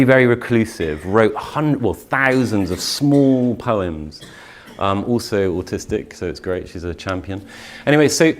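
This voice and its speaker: Lively, lowish-voiced male lecturer. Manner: lively, chatty, with frequent restarts and fillers; reads verse slowly and rhythmically. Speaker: university English lecturer leading a workshop. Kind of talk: live poetry workshop talk. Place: conference workshop room.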